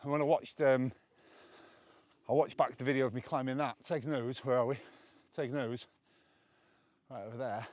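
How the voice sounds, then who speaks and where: A man's voice: medium pitch, steady tone, moderate pace, pauses often, darkish tone, no echo. An English man vlogging outdoors while walking up hills, a little out of breath, chatting casually and opinionated from a handheld camera on a stick. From England. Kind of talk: casual walking vlog monologue.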